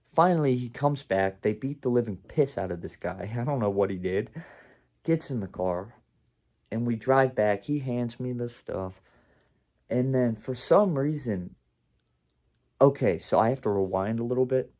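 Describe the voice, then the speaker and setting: Dude rambling through a storytime, lots of "like", mellow darker voice, mid pitch. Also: male voice, moderate pace. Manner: rambling, with frequent "like" and self-interruptions. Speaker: vlog host. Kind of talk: casual storytime monologue.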